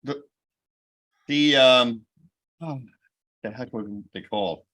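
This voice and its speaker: A man's voice: mid-range voice, takes it slowly, a bit bright. A man hosting a casual talk show, rambling and joking while he searches for words. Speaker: host. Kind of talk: casual chat.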